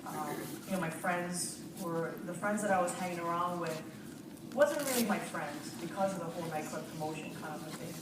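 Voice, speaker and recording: Nervously rambling through a personal testimonial, a woman keeps laughing and starting her sentences over for a live audience in a large room. Her voice is on the low side and a little fast. Audience noise and an echoey hall come through a distant mic.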